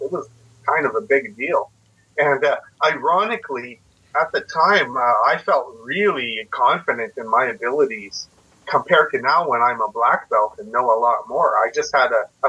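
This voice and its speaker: A man's voice: mid-range voice, pushed and bright, breathy edge. A man from Canada in his forties, a guest telling stories in a casual interview, reflective and self-deprecating, explaining things step by step. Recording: muffled lo-fi audio.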